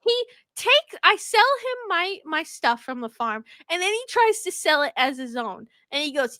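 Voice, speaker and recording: A woman co-hosting a podcast in casual chat, excitable and quick to swear and laugh. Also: high-pitched, dry recording, studio quality. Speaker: podcast co-host.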